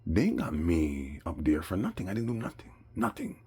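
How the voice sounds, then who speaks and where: A man telling a rambling personal story, animated and sometimes heated. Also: sits low, moderate pace, breathy edge. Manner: animated, rising to heated outbursts.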